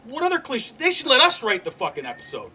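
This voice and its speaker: High animated ranting man. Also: fast. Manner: profane ranting, shouts then trails off into mumbling. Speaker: podcast co-host. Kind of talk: casual review chat.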